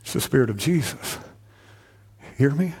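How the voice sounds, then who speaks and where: A man preaching a sermon to his congregation, shifting between loud, fervent passages and low, intimate asides, often repeating "I'm telling you". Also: animated, normal speed, slightly rough. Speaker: pastor.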